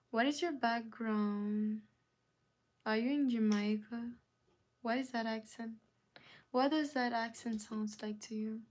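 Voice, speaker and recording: A woman hosting a casual live stream, her voice pitched a little high and her pace unhurried. She reads viewer comments aloud and keeps repeating her question to the chat, now and then dropping into soft, half-whispered asides. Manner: drifts from loud rallying calls to soft near-whispered asides.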